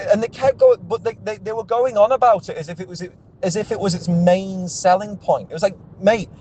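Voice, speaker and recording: A young man rants through a vlog about his job in car sales. He sounds exasperated and swears freely. He often restarts his sentences. His voice sits a little high for a man, with a faint hum of noise behind him. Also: a little mellow, poor audio. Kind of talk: ranting vlog monologue.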